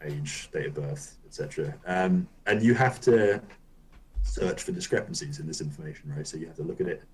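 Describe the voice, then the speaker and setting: A man's voice: extremely low pitch, fairly quick, a little mellow, rough recording. A man co-hosting a gaming podcast, rambling loosely through a casual chat and swearing now and then. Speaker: podcast co-host.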